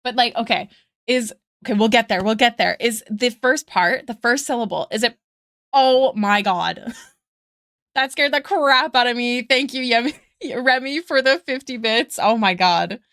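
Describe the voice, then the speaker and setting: A woman's voice: on the high side, moderate pace, a bit bright, dry recording, studio quality. A woman streaming her art live, chatting casually with viewers, giggling often and thanking them one by one.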